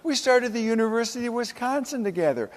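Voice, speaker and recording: A man's voice: very high voice, animated, fast talker, long reverb tail, pitched above the performer's own voice. A man voicing a complaining male friend fussing over a coming cold, in a raised, whiny tone. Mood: whining. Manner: complaining, self-pitying.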